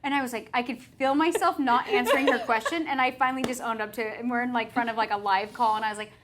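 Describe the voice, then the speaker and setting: A woman's voice: on the high side, quick pace, a crowd in the background. A woman hosting a podcast in casual chat, a rambling, self-deprecating storyteller. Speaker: podcast host and hair trainer.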